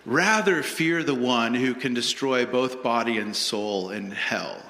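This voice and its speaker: A man voicing a male football coach giving a halftime speech in a gruff pep-talk manner, in a church hall with long reverb. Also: mid-range voice, slow pace, pushed and bright. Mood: stern. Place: large church sanctuary.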